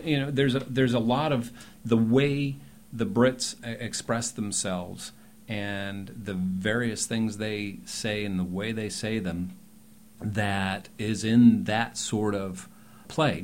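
A man, an acting teacher talking in a chatty, rambling way with emphatic bursts during a podcast conversation. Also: on the low side.

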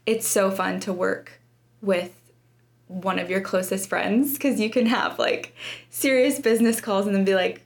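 A woman's voice: medium pitch, fairly even intonation, a little slow, creaky. A young woman in her twenties, a student podcaster, chatting in a casual interview with many likes. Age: 20s.

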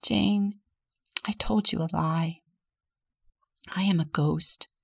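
A woman voicing a shy, gentle boy ghost from a storybook, speaking softly and hushed. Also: deep voice, fairly even intonation, slow, gravelly, breathy edge, no echo, clean studio sound, heavily acted.

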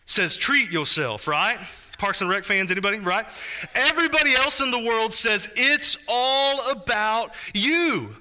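Male pastor, thirties, high bright voice, animated conversational sermon. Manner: animated, conversational preaching with asides to the congregation.

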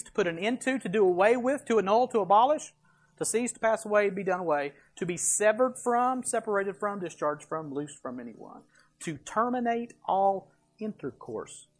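A preacher giving a verse-by-verse sermon with slides, emphatic, asking rhetorical questions and answering them, with folksy asides. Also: mid-range voice.

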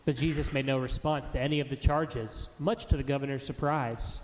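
A man giving a formal, measured reading of scripture aloud. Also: mid-range voice, steady tone. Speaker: scripture reader. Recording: echoey hall with faint noise.

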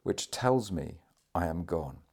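A man reads the part of a dying naval commander, stoic and commanding to the end. His low voice falters and fades, then rises in forceful insistence on his orders. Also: lively intonation, takes it slowly, husky, heavily acted. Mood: weary, resigned. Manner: weak, low, fading delivery with sudden forceful outbursts.

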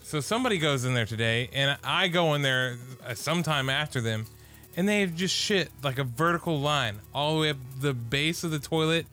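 Casting note: man, bright tone, laid-back and crude, podcast co-host, faint music. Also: on the high side, animated, brisk. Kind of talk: casual podcast chat.

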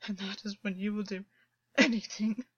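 A woman's voice: mid-range voice, steady tone, normal speed, slightly rough, no echo, natural voice. A woman voicing a tormented male water-horse fae, desperate and fragile, with frantic, broken pleading, on a dull, lo-fi recording. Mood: despairing.

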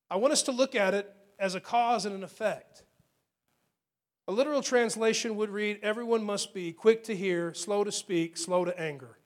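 A middle-aged pastor preaching a sermon in an earnest way, repeating key phrases and slowing down to stress words from scripture. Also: male voice, high-pitched.

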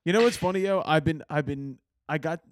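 A man's voice: on the high side, brisk, a little hiss or hum. A young man hosting a podcast over a video call, joking and swearing casually. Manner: laid-back, joking, swearing. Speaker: podcast host.

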